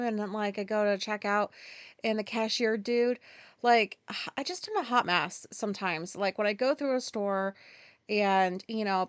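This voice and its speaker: A woman's voice: mid-range voice, no echo. Rambling, dry-miked woman host. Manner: rambling, filler-heavy, self-interrupting. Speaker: podcast host. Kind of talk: casual storytelling monologue.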